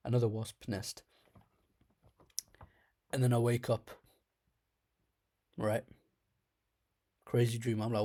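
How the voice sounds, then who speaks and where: Young man with a mellow voice and slight lisp. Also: medium pitch, level tone, slow, long pauses. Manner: rambling, laughs at his own stories. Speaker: storyteller host. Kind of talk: casual comedic storytelling.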